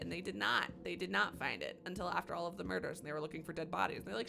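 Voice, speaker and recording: A woman's voice: fairly low pitch, very fast, gravelly, hardly any pauses, pushed and bright. A woman streaming a game live, chatting with sarcastic asides about what she sees. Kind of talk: live gameplay commentary.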